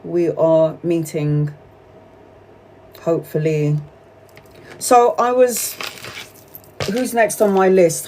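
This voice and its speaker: A woman's voice: on the high side, darkish tone, slight background noise. Chatty woman reading tarot. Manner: chatty, swears freely, laughs often. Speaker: tarot reader. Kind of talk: live-stream tarot reading, casual chat.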